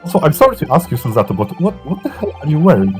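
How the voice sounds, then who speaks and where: A genial middle-aged professor, as a man puts him on in a live game reading. His voice is pushed deeper and his delivery is unhurried, with lively pitch movement. Faint music sits behind him.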